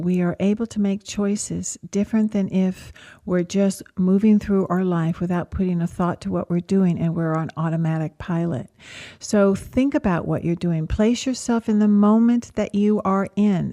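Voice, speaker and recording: A woman hosting a call-in radio advice show, calmly coaching a caller with gentle, repetitive phrasing. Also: medium pitch. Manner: calm, coaching, speaks in gentle repeated phrases. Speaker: radio talk show host and therapist.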